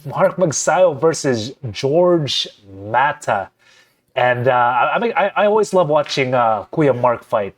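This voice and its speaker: A man with a mid-pitched voice runs a casual boxing podcast. He talks in an easygoing, chatty way, and his sentences often restart with small stumbles and repeated words. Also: animated, a little slow. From Philippines. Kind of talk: casual chat.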